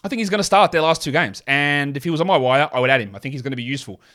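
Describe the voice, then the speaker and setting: A man hosting a fantasy basketball podcast in a casual solo talk, with offhand asides and quick opinions. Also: a little high, a bit bright.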